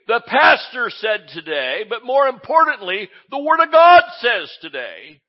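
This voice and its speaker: A male pastor preaching a sermon in an animated, exclamatory way, often laughing as he speaks. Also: very high-pitched, measured pace, muffled recording.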